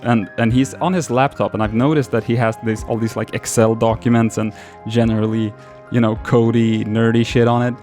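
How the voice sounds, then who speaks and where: A man's voice: mid-range voice, flat delivery, brisk, hardly any pauses, darkish tone, soft background music. A man telling a casual story-time anecdote to camera, rambling with frequent restarts and casual swearing. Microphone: camera mic.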